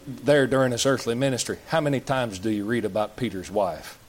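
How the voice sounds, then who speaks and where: A man's voice: medium pitch, steady tone, brisk. A man preaching a sermon in a church, folksy and plain-spoken, asking the congregation question after question. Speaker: pastor.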